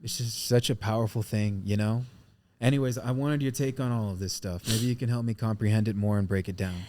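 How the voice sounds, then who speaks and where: A man's voice: on the low side, steady tone, fairly quick, darkish tone. A man co-hosting a casual podcast, reading a passage aloud and talking openly, at times emotional and swearing casually. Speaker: podcast co-host.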